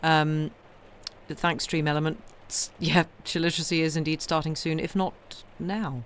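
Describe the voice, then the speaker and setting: A woman's voice: low-pitched, little pitch movement, unhurried. A woman hosting a livestream from home. She chats with viewers in a rambling way and says she is tired. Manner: rambling and chatty, replies to chat messages, many ums. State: tired, yawning. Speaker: livestream host reading books aloud. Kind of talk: casual chat with viewers.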